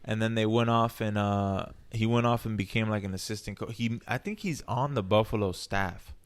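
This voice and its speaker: A man's voice: on the low side, fairly even intonation, moderate pace. A man co-hosting a podcast, chatting about football in a blunt, laid-back way. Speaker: podcast co-host. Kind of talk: casual sports chat.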